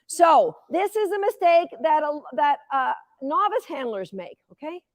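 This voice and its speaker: A woman in her fifties, a dog agility coach giving a live teaching demo, chatty and energetic, cheering the dog on. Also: sits high, a little slow, dry recording, studio quality.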